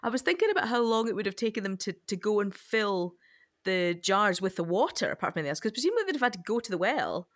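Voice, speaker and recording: Woman, podcast co-host, rapid speech, lowish voice, dry close sound, thinks aloud. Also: sing-song, dry recording. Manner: quick, thinking aloud with restarts. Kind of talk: casual discussion.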